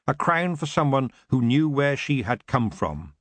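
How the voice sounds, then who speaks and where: A man narrating an audiobook in an expressive, dramatic reading. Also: mid-range voice, unhurried, no echo.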